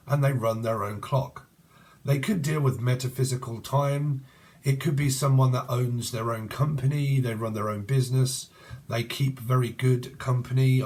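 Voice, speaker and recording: A man's voice: mid-range voice, a little mellow. A man giving a casual tarot reading to camera, rambling chattily and swearing freely. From England. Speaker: tarot reader.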